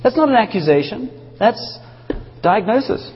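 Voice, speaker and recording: A man preaching a sermon in a church, passionate and animated, with playful asides to the congregation. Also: high-pitched, moderate pace, in a large hall, highs cut off, a little hiss or hum. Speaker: pastor.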